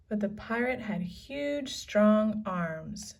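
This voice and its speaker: A woman reading a children's book aloud in a slow, expressive storytelling manner. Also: medium pitch. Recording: distant from the mic.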